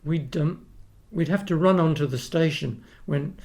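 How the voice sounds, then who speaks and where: A man's voice: a little high, a little slow, a little mellow. An older man from Australia with an Australian accent, a guest telling rambling anecdotes with frequent restarts in a casual podcast chat. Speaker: guest, retired opera tenor.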